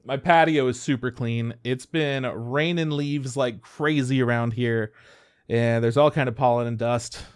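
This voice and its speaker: A young adult man co-hosting a podcast speaks a little slowly, in a medium-pitched voice with a clean tone. Chatting casually, he tells stories with animation, swears freely, and acts out what people said.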